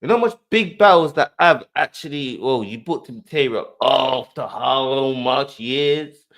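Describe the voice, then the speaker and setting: A man's voice: medium pitch, expressive, unhurried, a bit bright. A man hosting a reaction show, playful in his commentary and given to repeating phrases and acting out scenes. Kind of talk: animated commentary.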